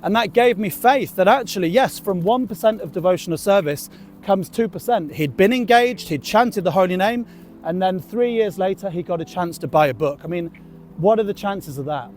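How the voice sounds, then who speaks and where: A man's voice: high voice, lively intonation, moderate pace, a little mellow, a little hiss or hum. A man who is a monk, greeting passers-by on a city street with cheerful jokes and telling stories about outreach. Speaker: temple monk and street book distributor.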